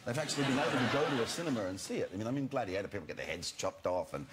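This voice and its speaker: A man's voice: fairly low pitch, lively intonation, racing, heavy background noise. A man in his forties, an actor guest on a chat show, telling wry, jokey stories in a loose, casual way.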